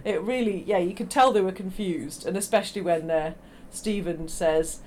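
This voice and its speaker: A woman co-hosting a podcast in casual chat, wry and quick to laugh, swearing casually. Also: on the low side, a little mellow, slight background noise. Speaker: podcast co-host.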